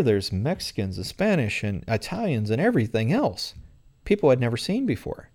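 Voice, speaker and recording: Gravelly, dark-voiced American man. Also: fairly low pitch. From United States. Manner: rambling, many fillers. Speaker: interviewee. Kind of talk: conversational interview.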